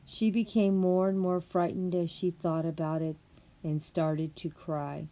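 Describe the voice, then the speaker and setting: Slow-reading older grandmother storyteller. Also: on the low side, flat delivery, mellow. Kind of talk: storybook narration.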